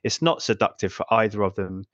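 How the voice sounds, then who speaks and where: A male guest with a lowish voice offers wry, analytical takes in casual film chat. The audio is dull and lo-fi, with a dry, close sound. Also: brisk, fairly bright tone, no echo. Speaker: podcast guest.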